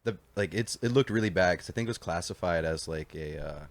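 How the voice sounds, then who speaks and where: A man's voice: sits low, no echo. A young man telling stories as a podcast guest, blunt and self-mocking, swearing freely. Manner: rapid, blunt, self-deprecating, swears a lot. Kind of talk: casual storytelling.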